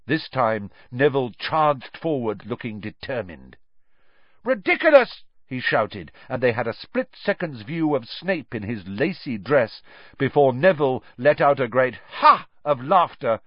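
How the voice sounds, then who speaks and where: A man reading a story aloud with animated, dramatic narration. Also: mid-range voice, no echo, dull audio. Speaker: audiobook narrator.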